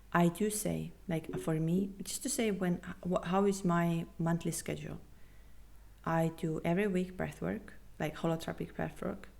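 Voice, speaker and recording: A woman hosting a spiritual podcast, talking earnestly and reassuringly with non-native phrasing, sometimes dropping to a soft half-whisper. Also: sits low, vocal fry. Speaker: podcast host and spiritual coach. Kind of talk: casual podcast monologue.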